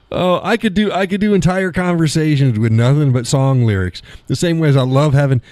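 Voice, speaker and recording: A man hosting a live stream in casual chat, playful and quick to laugh, toying with how words sound. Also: fairly high pitch, a little mellow, dry recording. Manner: chatty, playful, laughs often, toys with word sounds.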